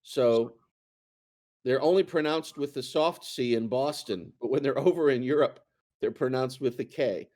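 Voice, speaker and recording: A man's voice: medium pitch, moderate pace, a little mellow. A man co-hosting a casual chat, talking in a rambling way with many fillers and restarts. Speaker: co-host.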